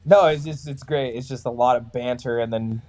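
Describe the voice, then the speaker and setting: A man's voice: medium pitch, normal speed. A man in his thirties, a metal singer and barber from California, telling stories casually in an interview and acting out what other people said. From Sacramento, California. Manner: animated, acts out other people's lines. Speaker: metalcore band vocalist and barber. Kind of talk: casual storytelling in a podcast interview.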